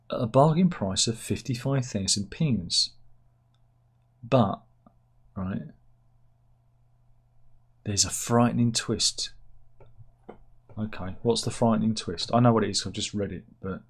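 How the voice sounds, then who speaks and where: Husky guy chatting through news stories, rambly, keeps going off on tangents. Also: on the low side, a little slow, pauses often. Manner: rambling, self-interrupting, chuckling asides. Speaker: host reading news stories. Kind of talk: casual satirical news chat.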